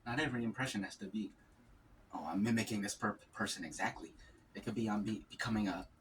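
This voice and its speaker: A man's voice: lowish voice, fast talker. A man talking casually while eating on a mukbang vlog, musing aloud in a loose, rambling way. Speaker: mukbang vlogger. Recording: distant mic with faint ambient noise.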